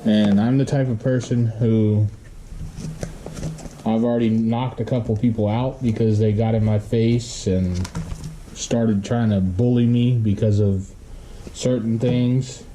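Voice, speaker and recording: Man, deep mellow voice, slow unhurried pace, blunt, heavy swearing, casual monologue. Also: fairly even intonation, slight background noise. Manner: blunt and profane, swears constantly.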